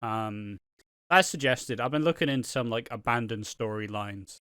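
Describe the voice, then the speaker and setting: A man's voice: medium pitch, normal speed, a bit bright, smooth, no room sound, clean studio sound. A man hosting a casual review podcast, rambling with many fillers and the odd swear word. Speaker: podcast host reviewing a soap opera. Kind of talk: casual chat.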